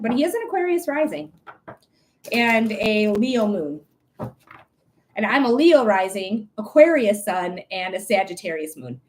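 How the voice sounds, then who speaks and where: A woman hosting a live psychic-reading stream, talking in a blunt, outspoken way, swearing freely and tossing quick asides to viewers. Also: fairly high pitch, a little hiss or hum. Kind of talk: casual live-stream chat.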